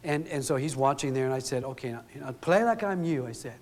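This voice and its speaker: A man's voice: mid-range voice, expressive, brisk, a little mellow. Man giving a seminar in a reverberant hall. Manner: storytelling, acts out quoted dialogue. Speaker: relationship seminar speaker. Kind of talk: live seminar talk.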